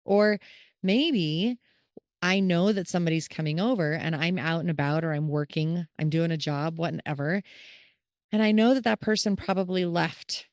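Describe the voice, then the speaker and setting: A woman's voice: fairly low pitch, no room sound, clean studio sound. A middle-aged woman hosting a caregiving podcast, talking earnestly and acting out the thoughts of the people she describes. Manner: earnest, animated, acts out quoted thoughts. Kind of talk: casual solo podcast talk.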